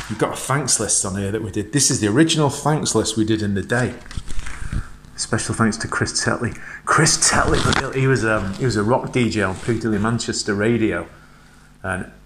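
A man, casually reminiscing to camera about his old band, chatty and quick to laugh. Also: lowish voice, fairly bright tone, slight background noise. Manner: chatty, laughs often, rambling anecdotes. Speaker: heavy metal vocalist. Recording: echoey room.

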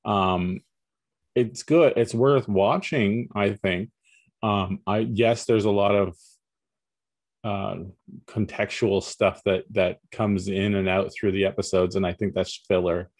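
A man's voice: fairly low pitch, fairly even intonation, slow, dry recording. A man co-hosting a podcast over a video call, chatting casually with dry joking asides. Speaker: podcast co-host. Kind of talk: casual chat.

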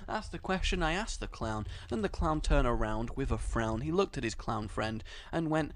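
A man's voice: medium pitch, expressive, normal speed, few pauses, dry recording. A man who makes gaming videos, rambling through an absurd comedic story full of tangents.

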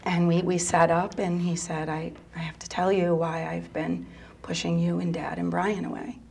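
A middle-aged mother telling a personal story in an interview, soft-spoken and halting, sometimes dropping to a near whisper. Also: on the low side, little pitch movement, vocal fry, slight background noise. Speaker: mother of a gay teen son; interview guest.

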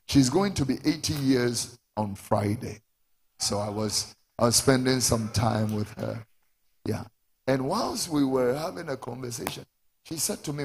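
Gravelly Ghanaian preacher. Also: male voice, on the high side. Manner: switches to shouting for emphasis. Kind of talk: sermon.

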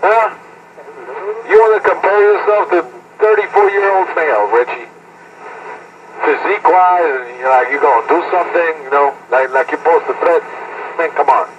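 A man's voice: on the high side, normal speed, pauses often. Profane mocking man, lo-fi and noisy. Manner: profane, mocking, laughs at his target. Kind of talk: taunting argument. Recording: dull lo-fi sound with noise.

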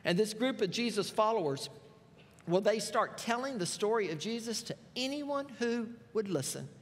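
A man's voice: high-pitched, expressive, moderate pace. A male pastor, preaching a sermon and retelling scripture with folksy asides. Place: church sanctuary. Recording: long reverb of a church hall.

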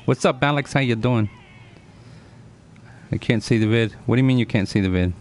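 With a medium-pitched, slightly mellow voice and a fairly quick pace, a man in his forties chats on a live stream, a little hiss or hum in the audio. He earnestly lectures, repeats himself, and responds to viewers by name.

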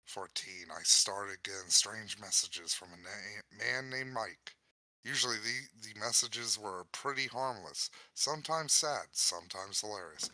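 A man's voice: deep voice, bright, forceful tone, dry recording, rough recording. A man co-hosting a casual podcast, joking, crude and blunt. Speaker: podcast co-host.

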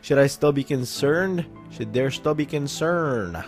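A man's voice: medium pitch, expressive, measured pace, faint music behind. A young man giving rambling, joking commentary while playing a video game, talking to his viewers and to the creatures on screen. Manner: rambling, jokey self-talk. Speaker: gaming YouTuber. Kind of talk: Let's Play commentary.

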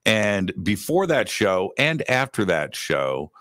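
A low-voiced man co-hosting a casual live talk show, rambling along with many fillers. His pitch swings widely as he talks, and the sound is close and dry. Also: takes it slowly, no echo. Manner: rambling, animated, lots of fillers. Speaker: radio host, co-host.

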